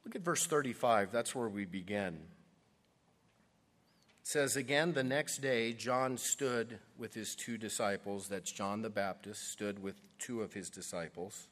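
A man's voice: on the low side, a little slow, fairly bright tone. A man preaching a sermon, earnest and conversational, acting out scenes as he retells them. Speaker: pastor.

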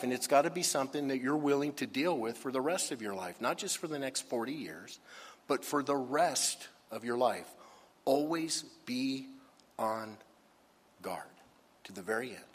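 A man delivers a sermon as pastor, pressing his points with emphatic rhetorical questions. His voice is husky and mid-pitched. It rings with the long reverb of a large hall. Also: animated, normal speed.

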